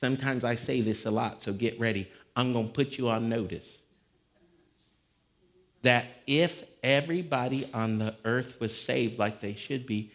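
A male pastor preaching a sermon, swinging between conversational talk and sudden shouts. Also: mid-range voice, moderate pace. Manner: fiery, shouting bursts between conversational stretches. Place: church. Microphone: live-streamed service mic.

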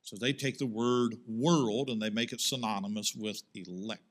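A male pastor preaching a sermon to his congregation in church. He asks rhetorical questions and rises into loud, emphatic swells. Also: fairly low pitch, steady tone, moderate pace.

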